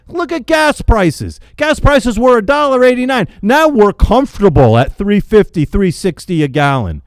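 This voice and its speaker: A man angrily venting in a spoken rant, yelling, repeating himself and stumbling over his words in frustration. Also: high-pitched, clear, resonant tone, dry recording. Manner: repeats phrases for emphasis. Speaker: political vlogger.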